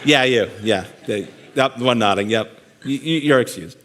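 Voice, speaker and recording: A man's voice: medium pitch, normal speed, a bit bright, slight background noise. Joking man on a conference stage. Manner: joking, self-deprecating storyteller. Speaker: guest speaker. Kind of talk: onstage fireside chat.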